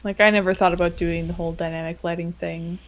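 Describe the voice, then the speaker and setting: A woman's voice: on the low side, flat delivery, fast. Laughing, chatty woman game master. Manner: laughs often, loose and chatty. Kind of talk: casual podcast chat.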